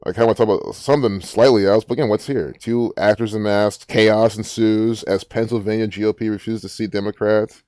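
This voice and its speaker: A man's voice: lowish voice, fairly even intonation, brisk, hardly any pauses, darkish tone, dry recording, studio quality. A man hosting his own channel, giving rambling, profane and indignant commentary while reading from a screen. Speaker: channel host.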